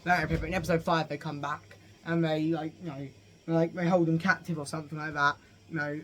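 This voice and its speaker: A man's voice: a little high, level tone, fast talker, a bit bright, slight background noise. A British man giving a casual, rambling review of a show, full of fillers and asides. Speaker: home-video reviewer.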